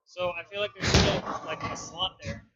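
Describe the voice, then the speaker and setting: A man's voice: sits high, fairly even intonation, normal speed, heavy background noise. A man bowling, talking earnestly and analytically about his own technique in casual practice chat. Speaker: bowler.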